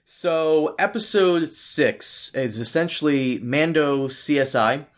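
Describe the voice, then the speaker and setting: A man with a slightly higher voice chatting casually on a review podcast. His manner is teasing and laid-back. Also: slow pace. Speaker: podcast co-host.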